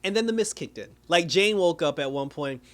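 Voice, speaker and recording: A man with a somewhat high voice recaps a TV episode in casual street slang. He rambles, circling back with "like" and "you know" and laughing between thoughts. He sounds like an off-the-cuff reviewer chatting to his viewers. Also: lively intonation, a little fast, a bit bright. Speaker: TV show reviewer.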